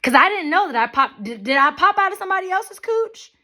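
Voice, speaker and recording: A young adult woman vlogging a blunt, profane rant to her viewers, with mocking asides and animated storytelling. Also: very high voice, fairly quick. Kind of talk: ranting monologue to camera.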